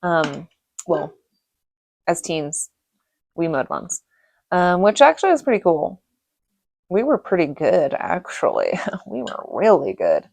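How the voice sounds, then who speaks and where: A middle-aged woman from Reno telling rambling stories about her childhood, laughing often and filling pauses. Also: fairly low pitch, very animated, creaky, darkish tone, no room sound. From Reno, Nevada. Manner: rambling, chatty, laughs often, many fillers. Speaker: vlogger. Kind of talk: casual storytelling monologue.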